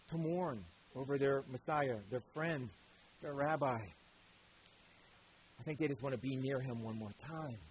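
A man's voice: on the high side, slight background noise, rough recording. A male preacher giving a sermon in a conversational, storytelling way, often calling his listeners "guys".

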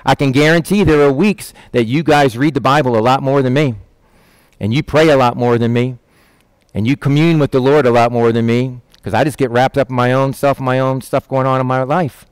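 A man's voice: fairly even intonation, brisk, clear, resonant tone, dry recording, low-quality recording. A middle-aged man preaching a conversational sermon, reading scripture and talking plainly and directly to his congregation. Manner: folksy, direct, acts out voices of disciples with a raised pitch. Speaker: pastor.

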